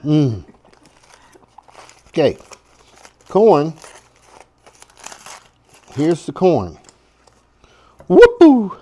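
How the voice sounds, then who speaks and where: A man's voice: on the high side, very animated, moderate pace, darkish tone. A man hosting his own home cooking vlog, talking in a folksy, rambling way with chuckling asides. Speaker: home cooking show host.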